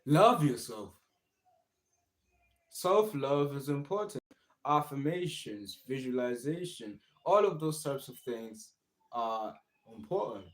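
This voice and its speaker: Earnest streamer on self-love. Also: male voice, mid-range voice, expressive, slow pace, poor audio. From South Africa. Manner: earnest, encouraging, repetitive phrasing. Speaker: livestream host. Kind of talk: casual motivational livestream talk.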